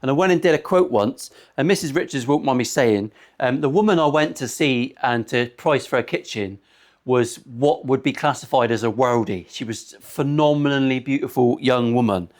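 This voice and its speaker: Working on a guitar in his workshop, a forties-aged luthier keeps up chatty, rambling banter full of crude humor and constant swearing. He speaks in a mid-range voice at a normal pace.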